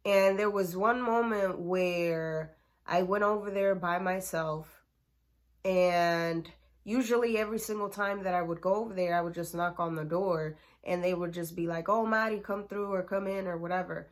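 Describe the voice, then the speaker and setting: A woman's voice: fairly low pitch, fairly even intonation, moderate pace. A woman telling a personal story in a casual, chatty way, full of slang and fillers. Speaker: storyteller vlogger.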